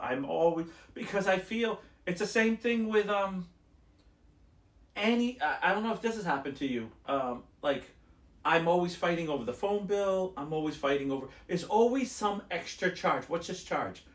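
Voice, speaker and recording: A man's voice: fairly high pitch, moderate pace, roomy sound, recorded from a distance. A man hosting a podcast, chatting casually and acting out clerks as he tells a story. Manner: animated storyteller, acts out store clerks, swears casually. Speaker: podcast host. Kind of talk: casual chat.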